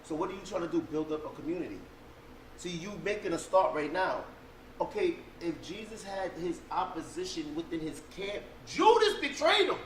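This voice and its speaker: A man's voice: sits high, big pitch swings, moderate pace, reverberant, a little hiss or hum, rough recording. A man in a casual podcast chat who makes his points like a preacher, asking questions as he goes.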